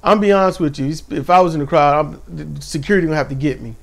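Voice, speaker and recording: A man's voice: fairly high pitch, fast talker, creaky. A man co-hosting a casual wrestling chat, laid-back and easygoing. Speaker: podcast co-host.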